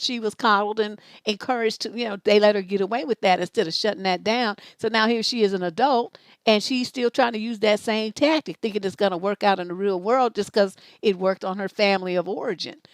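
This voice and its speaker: Speaking at a medium pitch, a middle-aged woman hosts a live stream of relationship advice. She scolds, curses and talks bluntly, performing both voices in each conversation, and no room sound is present.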